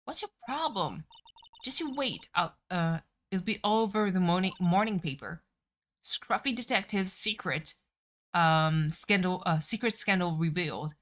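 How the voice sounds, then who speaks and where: A woman's voice: lowish voice, lively intonation, a little slow, a bit bright. A woman voicing a brash, pushy female journalist from a courtroom game.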